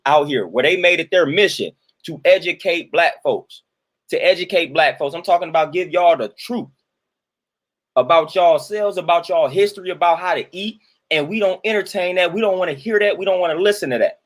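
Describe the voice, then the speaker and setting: A man's voice: on the high side, brisk. A man, commenting in a casual monologue and preaching his point through repetition.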